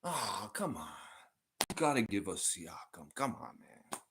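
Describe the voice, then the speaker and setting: A man's voice: fairly low pitch, very animated, unhurried, a bit bright, pitched below the performer's own voice. A man voicing a pushy male fan who haggles with a front office over a trade, in a put-on Philly accent. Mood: pleading, wheedling. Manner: wheedling, pleading, haggling.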